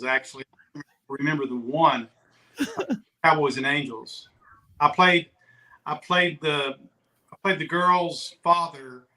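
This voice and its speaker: A man's voice: on the high side, sharp tone, low-quality recording. A man, a guest singer, talking sheepishly in casual chat.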